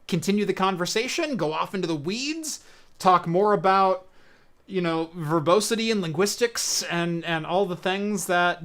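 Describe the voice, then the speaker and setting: A man's voice: high voice, sharp tone. A man hosting a casual tech podcast, rambling and joking as he plugs the show. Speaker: podcast host.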